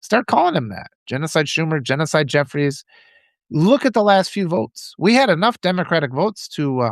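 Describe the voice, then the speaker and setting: A man's voice: fairly high pitch, no room sound, studio quality. Fervent man with a raised voice. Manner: fervent, repeats phrases for emphasis. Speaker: livestream host. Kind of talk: impassioned political commentary reading live chat.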